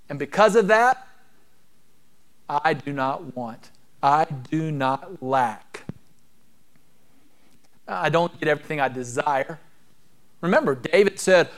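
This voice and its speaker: A man with a fairly high voice preaching a sermon. He reads scripture in a hushed, slow way, then builds to emphatic, forceful points. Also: expressive. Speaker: pastor.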